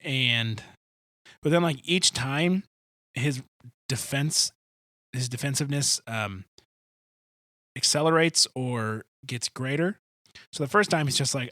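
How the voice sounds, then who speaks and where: A man hosting a podcast, telling a story in an animated, joking way in casual discussion. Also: medium pitch, slow, pauses often, dry recording, clean studio sound. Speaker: podcast host.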